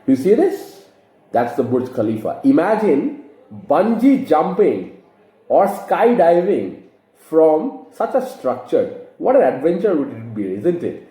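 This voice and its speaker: A man's voice: fairly high pitch, wildly swooping pitch, a little slow, mellow, echoey room, low-quality recording. A man teaching grammar to camera, explaining patiently and asking rhetorical questions. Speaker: English teacher.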